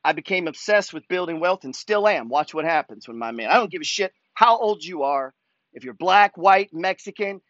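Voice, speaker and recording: A man's voice: on the high side, lively intonation, moderate pace, fairly bright tone, no echo, muffled recording. A man hosting a money talk show, ranting in a fired-up, pushy way and swearing constantly as he reads follower emails. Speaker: host reading follower emails. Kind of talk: profane motivational rant.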